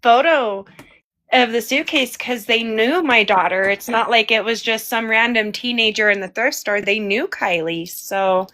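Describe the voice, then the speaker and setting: A woman guest speaking in a relaxed, chatty way in casual conversation, a mother sharing family stories. Her voice sits a little high for a woman, and she takes her time with her words. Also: measured pace. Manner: relaxed, chatty, laughs often. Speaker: guest, mother of a missing teen. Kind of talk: casual chat.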